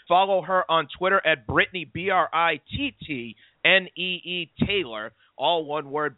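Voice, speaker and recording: Excitable sports radio host on a tinny line. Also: male voice, on the high side, dry recording. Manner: excitable, quick asides. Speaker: sports talk show host. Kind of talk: casual sports radio talk. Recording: dry, tinny phone-like line.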